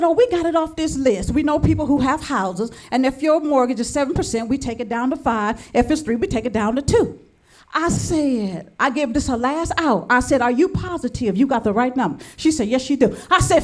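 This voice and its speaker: A woman doing stand-up, telling a story with lively dialogue and acting out both sides of phone calls. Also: high voice, a little fast. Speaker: stand-up comedian. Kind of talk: stand-up comedy routine.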